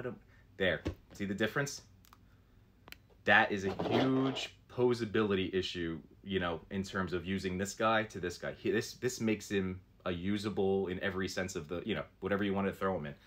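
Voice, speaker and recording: A man's voice: sits low, a little fast, noisy background. A man doing a casual live stream, showing action figures up close and chatting with viewers in a rambling way, with lots of fillers. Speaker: toy collector streamer.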